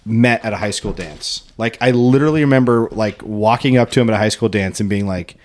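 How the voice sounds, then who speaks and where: A young man co-hosting a casual podcast chat, telling animated anecdotes and laughing through them. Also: fairly low pitch, a little fast. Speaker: podcast co-host.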